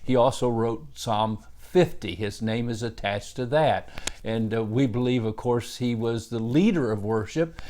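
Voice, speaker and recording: A man's voice: mid-range voice, darkish tone. Earnest pastor man teaching scripture. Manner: earnest, rising emphasis on key words, frequent "uh" fillers. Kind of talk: devotional Bible teaching.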